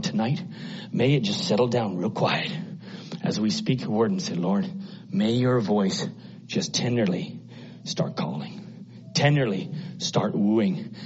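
A man preaching a sermon, moving between urgent, raised exhortation and soft, hushed near-whispers. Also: medium pitch, breathy edge. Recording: muffled lo-fi sound.

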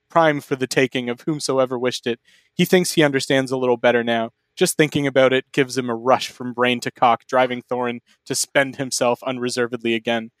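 A man's voice: mid-range voice, fairly bright tone, clean tone, no room sound, studio quality. A man reading fan fiction aloud as a comedy podcast host, in a mock-serious style. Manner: mock-serious reading, breaking into laughs and asides.

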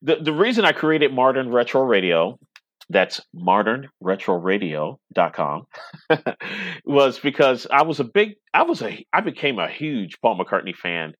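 A man's voice: mid-range voice, sing-song, unhurried, a bit bright, no echo, muffled recording. A middle-aged man chatting casually in a podcast conversation, rambling and laughing often. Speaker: web radio station owner, podcast guest.

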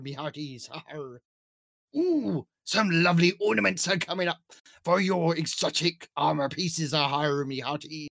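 Guy putting on a growly pirate captain, slow and gravelly, arr-ing nonstop. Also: fairly high pitch, bright, forceful tone, no room sound, clean studio sound, full character voice. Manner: growls "arr" constantly, hammy and bossy. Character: gruff male pirate captain reading a store list. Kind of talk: goofy pirate voice bit.

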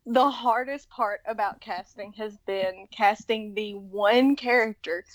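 A woman's voice: mid-range voice, takes it slowly, dry recording. A woman with a Southern accent, folksy and self-mocking, laughing often in a casual chat. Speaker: casting member of a show.

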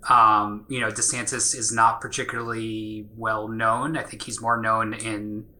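Flat-voiced, bright-toned man on a podcast. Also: on the low side, unhurried. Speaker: podcast guest. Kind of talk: casual podcast discussion.

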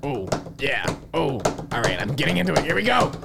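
A man's voice: medium pitch, sing-song, fairly quick, vocal fry, very noisy. A man playing a stubborn older daredevil who brushes off all concern, in an improvised comedy podcast. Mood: eager. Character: reckless older male daredevil, stubbornly cheerful. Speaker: podcast host.

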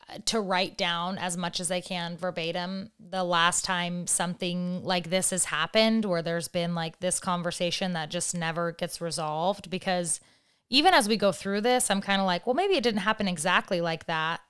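A woman's voice: on the low side, fairly even intonation, normal speed, fairly bright tone, clear, resonant tone. A woman hosting a podcast interview, talking in a reflective, casual way and often saying "like". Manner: reflective, self-questioning, uses "like" a lot. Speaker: podcast host.

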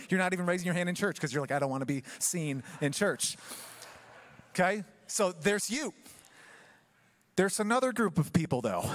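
A man preaching a sermon in church, telling the story with humor and acting out quick asides. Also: fairly high pitch. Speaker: pastor.

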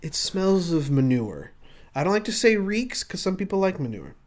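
A man pitching a comic idea, telling it as an animated story and acting out scenes. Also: normal speed. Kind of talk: comic pitch, casual banter.

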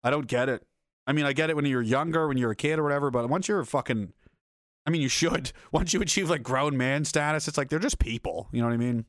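A man's voice: medium pitch, quick pace, no echo, studio quality. A man livestreaming and reading his chat, telling rambling stories in a blunt, crude, profane rant. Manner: rambling storyteller.

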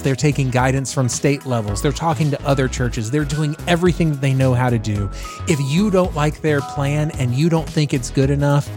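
A man co-hosting a podcast in casual chat, animated and playful, full of jokey asides. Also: medium pitch. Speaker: podcast co-host.

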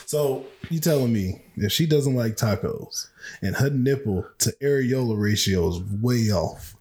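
A man's voice: medium pitch, animated, darkish tone. A man co-hosting a podcast, telling crude stories in casual banter and acting out little skits with other voices. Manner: storytelling, acts out voices in skits, drawls some lines slowly. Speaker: podcast co-host.

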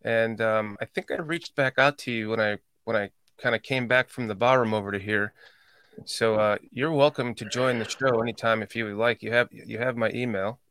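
A man's voice: on the low side, fairly even intonation, moderate pace, fairly bright tone, clean tone. A man hosting a casual podcast chat, joking, teasing and swearing with his guest. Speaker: host.

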